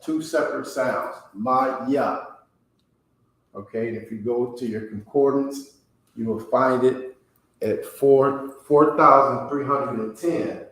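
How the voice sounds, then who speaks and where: Slow-talking man teaching in an echoey room. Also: mid-range voice, a bit bright. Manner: slow, repeats "okay?" after nearly every phrase. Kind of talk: classroom language lesson.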